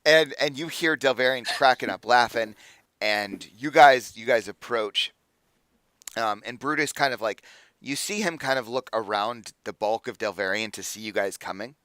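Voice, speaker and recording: A man's voice: medium pitch, moderate pace, bright, forceful tone, smooth, dry recording. A man narrating a tabletop game as game master, casual and full of filler words. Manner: casual, many fillers, hesitant.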